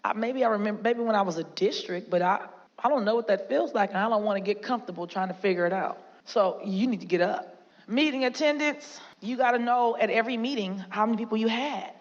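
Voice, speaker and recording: A woman's voice: on the high side, quick pace, muffled recording. A woman sales leader giving a blunt, emphatic motivational talk to a live audience in a conference hall. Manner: blunt, emphatic, drill-sergeant pushing. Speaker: sales team leader speaking to her agents.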